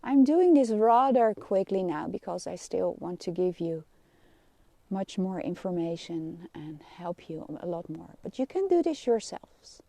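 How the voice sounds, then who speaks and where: A middle-aged woman with a Dutch accent, a kinesiologist giving a gentle, soothing live lesson and laughing softly now and then. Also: lowish voice, sing-song, measured pace, gravelly, dry recording. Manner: gentle, soothing guidance with frequent soft laughs. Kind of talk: live-streamed wellness lesson.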